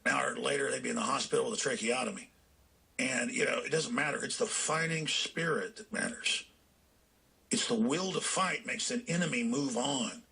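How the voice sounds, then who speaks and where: A man hosting a talk show, delivering a fiery political rant that swings into shouting. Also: medium pitch, normal speed, gravelly, husky.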